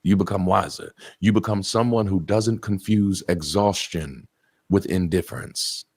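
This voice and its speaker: Former pastor, low voice, motivational, earnest and preachy, swears. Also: male voice, a little slow, a little mellow, husky, dry recording. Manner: earnest and preachy, with blunt profanity. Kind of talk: motivational talk.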